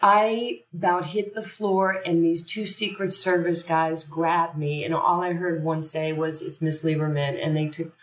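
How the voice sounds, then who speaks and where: Low-voiced woman telling a story in an echoey room. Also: unhurried, few pauses. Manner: animated, acts out quoted dialogue. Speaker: podcast guest. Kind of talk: conversational storytelling. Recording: roomy echo from a distant mic.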